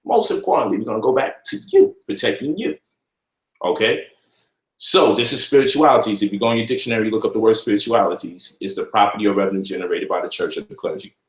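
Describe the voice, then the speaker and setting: A man's voice: on the low side, fast, roomy sound, rough recording. A man giving an informal finance lecture to online viewers, emphatic and repetitive, often checking in with the listener. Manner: emphatic, repeats points, asks "you feel me?".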